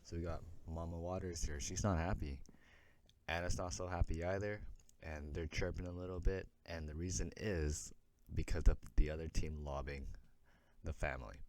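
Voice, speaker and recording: A man hosting a casual sports recap, chatty, voicing the players' reactions in quick asides. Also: low-pitched, fairly even intonation, darkish tone. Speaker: host, sports commentator.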